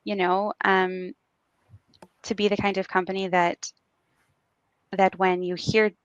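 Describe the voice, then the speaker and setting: A woman speaking as a business executive guest on a podcast, answering in a reflective, measured way with frequent ums. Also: medium pitch, flat delivery, clean tone, dry recording, dull audio.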